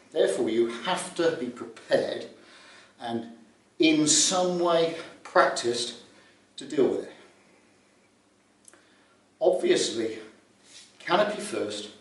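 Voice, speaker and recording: Middle-aged male glider pilot briefing colleagues, animated storyteller, mid pitch, distant mic with faint room noise. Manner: vivid, anecdotal, acts out scenes with gestures. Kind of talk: spoken safety talk to fellow pilots. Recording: echoey room from far off.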